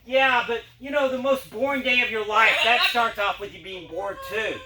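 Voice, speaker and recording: A man's voice: sits high, moderate pace, sharp tone. A man voicing a level-headed female dog who talks in a matter-of-fact, reassuring way in a told story. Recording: roomy, distant mic, background noise.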